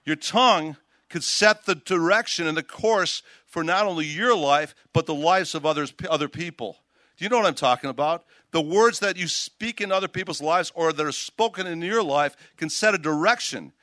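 An older man, a pastor, preaching a sermon outdoors, reading scripture aloud with emphasis and telling stories in an animated way. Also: on the high side, normal speed, no room sound.

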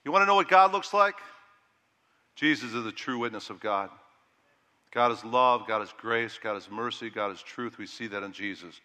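A middle-aged man preaching a sermon with animated delivery, rising loud and dropping to a hush. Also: medium pitch, moderate pace, in a large hall. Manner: animated preaching that rises loud and drops to hushed. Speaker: pastor.

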